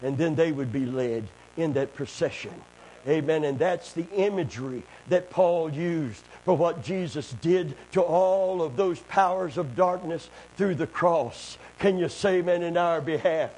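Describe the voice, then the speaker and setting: A man preaching a sermon, calling for amens and building up to shouting. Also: on the high side, unhurried. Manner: call-and-response, building to shouting.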